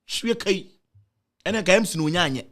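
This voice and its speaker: A man with a Ghanaian accent and a gravelly, fairly bright, animated voice speaks at a moderate pace. He tells an emotional personal story, repeating himself with dramatic pitch swings and switching between Twi and English.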